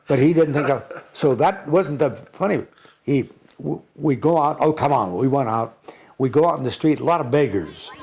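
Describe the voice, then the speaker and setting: His voice a little high, somewhat mellow and slightly rough, a nonagenarian American recounts wartime memories as an interviewee. The oral history reminiscence rambles, with frequent chuckles and restarts.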